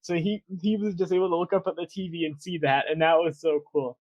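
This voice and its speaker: A man's voice: on the high side, fast, darkish tone, no room sound, lo-fi sound. Hesitant American man, dry sound. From United States. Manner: hesitant, restarts often. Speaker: co-host. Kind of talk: casual chat.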